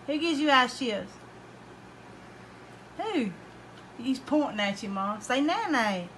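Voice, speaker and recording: A woman, softly coaxing her son to speak at his hospital bedside. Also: high-pitched, lively intonation, slow, slight background noise. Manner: soft, coaxing, repeats questions. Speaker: mother caring for her son. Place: hospital room.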